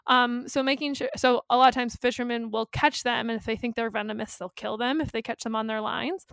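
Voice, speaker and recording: A woman's voice: on the high side, fairly even intonation, brisk, gravelly, fairly bright tone, clear, resonant tone, dry recording, clean studio sound. A woman co-hosting a podcast in casual chat, talkative, laughing often and swearing freely. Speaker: podcast co-host.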